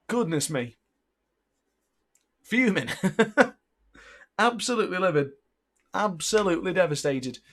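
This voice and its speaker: There are long pauses in this man's unhurried, high-voiced livestream commentary. An excitable gaming streamer, he calls his race like a sports announcer and bursts out in frustration.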